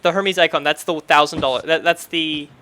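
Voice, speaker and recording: A man with a bright, fairly high voice narrates a tabletop game as game master. He talks loosely, stopping and restarting, with lots of ums, while a faint hum sits under the recording. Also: steady tone, brisk.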